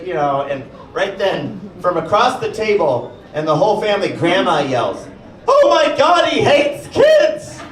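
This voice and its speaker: Animated high-voiced man doing stand-up. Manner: animated storytelling, acts out other people in high voices. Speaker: stand-up comedian. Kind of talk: stand-up comedy set. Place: comedy club stage with audience. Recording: echoey club, far-off mic, audience noise.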